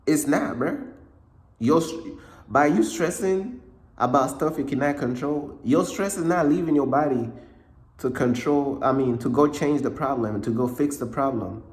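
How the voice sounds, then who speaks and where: A man giving a casual motivational talk, repeating himself often, with a slightly cracking voice and frequent throat clearing. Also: mid-range voice, moderate pace, darkish tone, echoey room. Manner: repetitive, conversational, frequent "bruh" and "you know what I'm saying". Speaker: motivational speaker.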